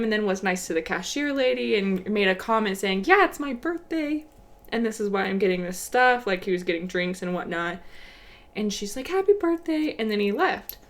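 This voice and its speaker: A young woman with a mid-range voice talks in a relaxed, chatty way as a podcast co-host. She reads out a listener's story casually, and her delivery is easygoing. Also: medium pitch, normal speed. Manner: relaxed, chatty, laughs easily. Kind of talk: casual chat.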